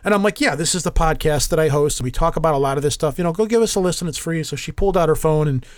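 A man hosting a podcast, chatting casually and rambling with many restarts and fillers. His voice sits a little high. The sound is dry and close to the mic. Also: rapid-fire, no echo. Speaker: podcast host. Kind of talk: casual chat.

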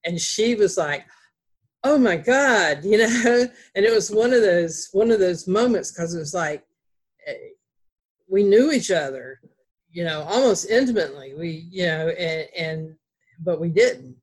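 This woman's voice is lowish, expressive, a little slow and somewhat mellow. She's an author from Greensboro, North Carolina, with a Southern accent, chatting casually and telling rambling stories full of fillers and restarts.

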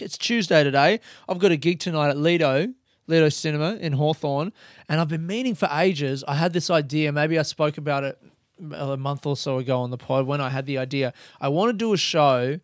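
A young male comedian rambles through stories on his podcast, laughing a lot and swearing freely. His voice is fairly high, smooth and a bit bright. The studio recording is clean, with no room sound.

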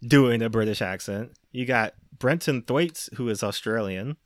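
Animated man in casual podcast chat. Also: moderate pace, no echo, studio quality. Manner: animated, laughing, rising pitch when worked up. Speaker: podcast host.

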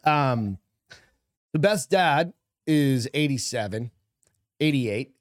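A man's voice: medium pitch, expressive, slow, no room sound, studio quality. A middle-aged man co-hosting a podcast, joking around in casual chat and swearing a lot. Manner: crude, joking, profane. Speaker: podcast co-host.

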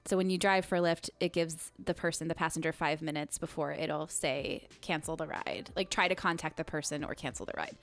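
A woman in casual podcast chat, telling a story with animated quoted voices and frequent laughs. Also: low-pitched, fairly quick, gravelly, few pauses.

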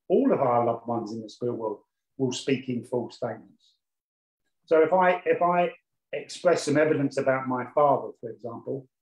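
A man's voice: fairly high pitch, darkish tone, echoey room, rough recording. A man teaching a class on mediumship, explaining his points patiently and repeating key phrases for emphasis. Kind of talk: lecture on mediumship.

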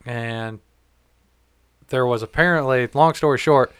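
Male host, casual profane storyteller, middle pitch, dry room. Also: unhurried, smooth, dry recording. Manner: rambling, profane, self-correcting.

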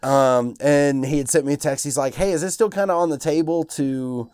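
A man's voice: fairly high pitch, steady tone, normal speed, a little mellow. A young man co-hosting a casual podcast, telling a rambling story full of fillers on a lavalier mic. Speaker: podcast co-host.

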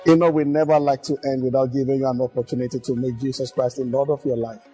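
Brief: man with a husky, mellow voice, closing a church broadcast calmly, soft music under him. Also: mid-range voice, quick pace. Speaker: broadcast minister. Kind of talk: closing altar call.

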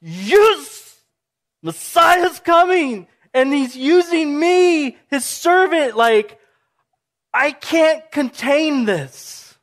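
A man's voice: fairly high pitch, unhurried, a bit bright. Male preacher playing young woman in rapturous worship; earnest, exclamatory, uncontained. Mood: ecstatic.

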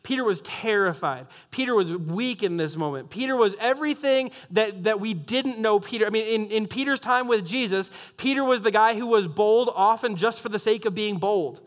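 A man preaching a sermon as pastor, animated and jokey, often restarting sentences and making wry asides. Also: sits high, moderate pace, hardly any pauses.

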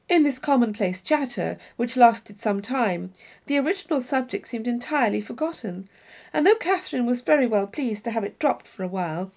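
A woman reading a classic novel aloud as an audiobook narrator, measured and even. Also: medium pitch, gravelly. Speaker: audiobook reader. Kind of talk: scripted narration.

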